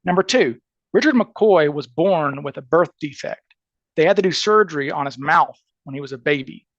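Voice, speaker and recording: A man's voice: fairly high pitch, animated, moderate pace, no room sound, muffled recording. A man with a Southern accent, a criminal defense attorney on a podcast interview, laying out a case emphatically and checking in with "okay?" and "right?" as he goes.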